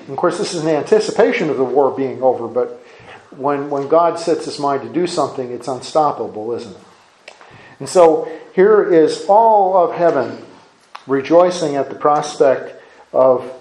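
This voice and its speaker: A man's voice: medium pitch, darkish tone. Earnest man teaching scripture, echoey room. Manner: earnest, often repeats and restarts words. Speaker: Bible teacher. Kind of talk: sermon-style Bible teaching.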